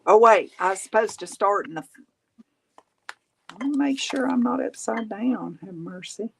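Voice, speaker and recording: A woman's voice: medium pitch, lively intonation, normal speed, gravelly, slight background noise, rough recording. A woman from Tennessee with a Southern accent, hosting a craft livestream and chatting casually with folksy exclamations while she works. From Tennessee, USA.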